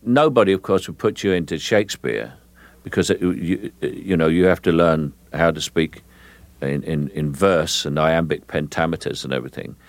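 A man's voice: very deep voice, moderate pace, dry recording. A man with a Cockney accent, an actor telling long stories in an interview, full of restarts and fillers. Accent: London Cockney. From England. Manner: rambling storyteller with many restarts and fillers. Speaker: actor guest. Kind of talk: relaxed interview answers.

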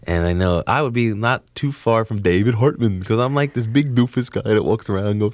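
A young man from New Jersey, a comedian being interviewed, talking in a rambling, excitable way with frequent restarts. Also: fairly low pitch, fairly quick, few pauses, dry recording, studio quality. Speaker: comedian guest. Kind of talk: casual interview chat.

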